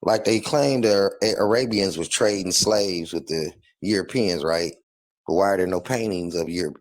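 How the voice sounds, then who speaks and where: A man's voice: deep voice, moderate pace. A man hosting a casual group chat, joking around and laughing often.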